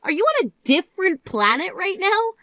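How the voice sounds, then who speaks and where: A woman's voice: very high-pitched, very animated, normal speed, bright, forceful tone, no room sound, full character voice. A woman voicing a grieving older sister who scolds in an exasperated, reproachful way in a dramatized story. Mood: furious.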